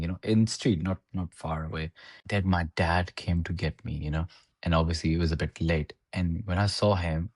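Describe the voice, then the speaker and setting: A man in his thirties with a very low voice, animated and chatty as he recounts his story, often breaking into laughter and quoting himself. The sound is dry and close, with no room around it. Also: no echo. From India. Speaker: podcast guest. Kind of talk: casual chat, storytelling.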